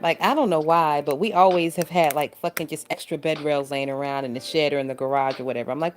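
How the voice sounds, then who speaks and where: Reading her live chat aloud, this young YouTube commentary host curses, laughs often and sounds exasperated. She talks fast with hardly any pauses in a low, fairly even voice, picked up by a phone with faint music behind.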